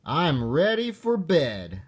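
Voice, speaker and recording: Guy putting on a bouncy little frog kid, eager and forgetful, voice jumps up high, slow storybook read. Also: huge pitch swings, slightly rough, heavily acted. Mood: excited.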